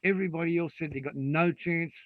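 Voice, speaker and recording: This vlogger, an Australian in his sixties, talks fast in a voice on the high side, launching into a vehement, profanity-laced monologue to camera. The recording is dry, with a tinny, phone-like quality.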